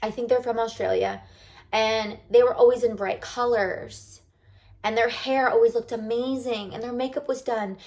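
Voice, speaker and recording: A woman's voice: fairly high pitch, steady tone, normal speed, a little mellow. A bubbly woman vlogger talking casually and animatedly straight to her viewers. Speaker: lifestyle vlogger. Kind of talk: casual chat to camera.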